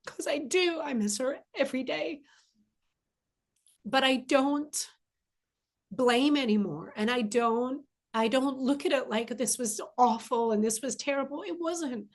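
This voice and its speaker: A woman's voice: high voice, a little slow. A woman spiritual teacher giving an earnest, emphatic inspirational monologue, often repeating key phrases for weight.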